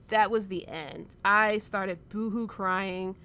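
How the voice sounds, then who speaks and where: A woman's voice: mid-range voice, fairly even intonation, takes it slowly, bright, forceful tone. A woman in her thirties hosting a casual podcast, recapping a show in an emotional, rambling way with lots of fillers. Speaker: podcast host. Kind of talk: casual wrestling podcast chat.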